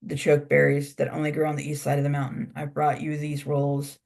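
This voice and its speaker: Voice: medium pitch, completely flat delivery, a little fast, creaky, a little mellow, voice pushed down, natural voice. A storyteller voicing a confident young male warrior in a spoken folk tale, in a plain, earnest, polite way.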